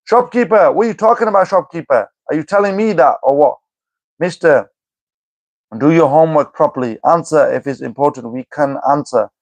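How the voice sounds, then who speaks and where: A young man with a fairly high voice reads his live chat aloud and snaps back at the commenters. He sounds exasperated and scolding, and the sound is close and dry with no room around it. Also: brisk, no room sound. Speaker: livestreamer answering chat. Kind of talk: live chat reading and replying.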